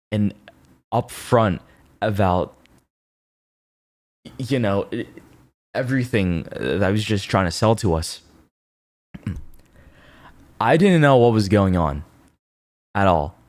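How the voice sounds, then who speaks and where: A male streamer chats casually in a lowish voice, telling a story that wanders with fillers and "right?" tags. The sound is dry and close. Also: a little mellow, no echo. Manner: rambling, lots of "like" and "right?".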